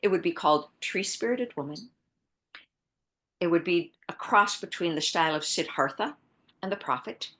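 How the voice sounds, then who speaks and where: A woman author from the American Midwest, telling a personal story in a podcast interview, earnest and reflective, dropping to a hush and then rising with emphasis. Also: lowish voice, animated, moderate pace. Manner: earnest, reflective, shifting between hushed and bursting emphasis. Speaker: author guest.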